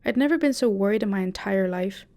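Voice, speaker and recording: A woman narrating a first-person horror story in a steady, dramatic storytelling manner. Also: medium pitch, fast talker.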